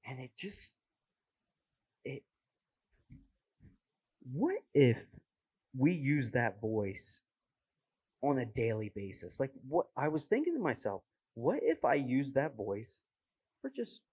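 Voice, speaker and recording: A man's voice: mid-range voice, big pitch swings, slow, pauses often, a little mellow, husky, no echo, low-quality recording. A young man hosting a podcast, chatting casually with a rambling, self-mocking humor and lots of fillers. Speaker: podcast host. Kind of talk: casual chat.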